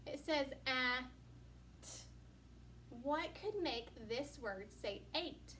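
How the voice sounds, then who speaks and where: A woman teacher giving a recorded lesson to young children, patient and encouraging, asking questions and pausing for answers. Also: sits high, animated, fairly bright tone. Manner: slow, patient, encouraging, asks questions and pauses. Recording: distant mic, faint room noise.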